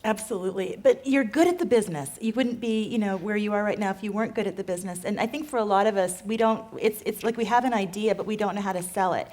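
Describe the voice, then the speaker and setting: A woman's voice: medium pitch, fast, few pauses, darkish tone. A woman hosting a live onstage interview, asking earnest, thoughtful questions with a few restarts. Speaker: interviewer, host.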